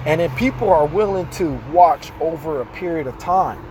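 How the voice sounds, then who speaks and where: A man hosts a casual live chat from inside a car, his talk loose, slangy and animated. His voice sits fairly high, and a faint hum of city noise hangs behind him. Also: moderate pace. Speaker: host.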